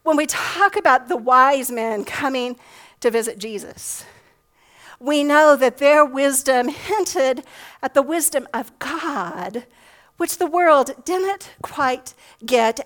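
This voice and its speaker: A woman's voice: high-pitched, expressive, slow, a bit bright, rough recording. A middle-aged woman pastor giving a sermon in a conversational way, often asking rhetorical questions.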